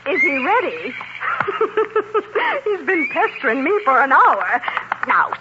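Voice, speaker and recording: A woman's voice: high voice, huge pitch swings, slow, muffled recording, heavily acted. Fussy, motherly Mrs. Claus. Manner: fussy, fluttery, laughing. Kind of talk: 1940s radio acting. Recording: old radio recording with hiss.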